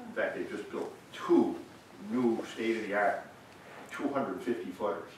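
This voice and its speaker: A man's voice: fairly low pitch, measured pace. An older man giving a storytelling talk as a guest speaker at a museum, a folksy teller who laughs at his own stories. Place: museum lecture room. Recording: very echoey room, distant mic, faint noise.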